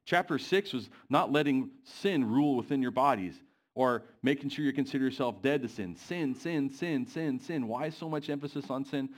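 A man's voice: medium pitch, fairly quick. Man preaching, quizzing his congregation. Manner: asks the congregation questions, pacing varies. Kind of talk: sermon.

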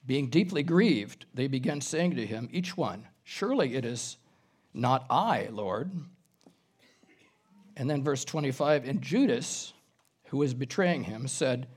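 Husky-voiced man preaching a sermon. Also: mid-range voice, lively intonation, a little slow, a little mellow. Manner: teaching, reads scripture aloud, clears throat. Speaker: pastor. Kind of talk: expository sermon.

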